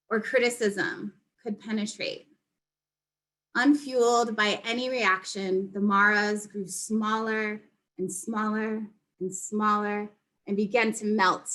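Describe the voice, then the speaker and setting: A woman narrating a story in a measured, dramatic way. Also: medium pitch, a bit bright. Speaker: storyteller presenter.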